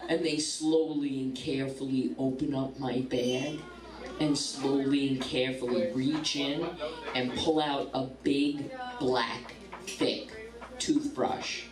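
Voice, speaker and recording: A woman's voice: a bass voice, steady tone, slow pace. A woman, performing a bawdy stand-up comedy set with punchy timing. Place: comedy club stage. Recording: roomy club sound from a distance, loud audience.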